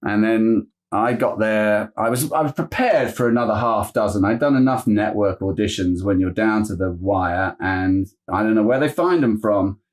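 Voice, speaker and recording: A man's voice: on the low side, moderate pace, few pauses. A man, a guest actor, telling anecdotes in a casual interview and slipping into impressions as he goes.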